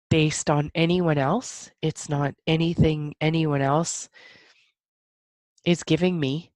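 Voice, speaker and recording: A woman's voice: deep voice, a little mellow, no room sound. A woman hosting a podcast, talking alone in a reflective, emotional way, laughing between thoughts, teary and a little stuffy-nosed. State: stuffy nose. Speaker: podcast host. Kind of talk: reflective solo podcast monologue.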